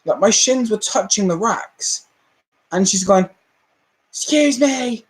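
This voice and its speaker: A man hosting a casual livestream, ranting in an animated way, laughing often and swearing freely. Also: high voice, a little slow. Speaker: livestream host.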